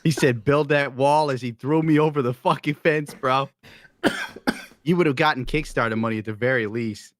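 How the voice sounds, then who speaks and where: A man's voice: mid-range voice, fairly quick, dry recording, clean studio sound. A man guesting on a casual podcast, cracking crude, laid-back jokes.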